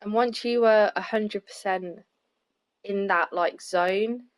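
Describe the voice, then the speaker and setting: A woman's voice: mid-range voice, slow pace. A woman, a podcast guest who chats casually and keeps agreeing in short, eager replies. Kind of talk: casual chat.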